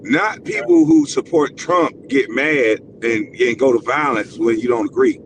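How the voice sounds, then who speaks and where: A man in heated casual talk, blunt and profane, ranting loudly among friends. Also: medium pitch, wildly swooping pitch, a little slow, gravelly, noisy background. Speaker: podcast co-host.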